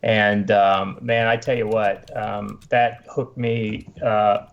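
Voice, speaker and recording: A man speaking as a guest comics creator over a video call, relaxed and self-deprecating. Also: takes it slowly, vocal fry. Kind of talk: casual interview chat. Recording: muffled low-fidelity audio.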